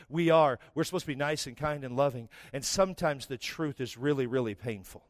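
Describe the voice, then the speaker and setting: A man's voice: medium pitch, brisk, hardly any pauses, dry recording, clean studio sound. A middle-aged man, a pastor, preaching a sermon with humorous personal stories that build to emphatic exhortation. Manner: storytelling, self-mocking, rising to emphatic preaching.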